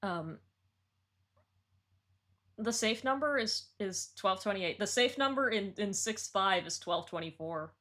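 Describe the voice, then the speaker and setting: A woman talks casually on a live stream, reviewing song lyrics with excited, rambling commentary. Her speech is full of fillers and quick restarts. Her pitch sits mid-range for a woman. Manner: chatty and excitable, frequent "like" and restarts.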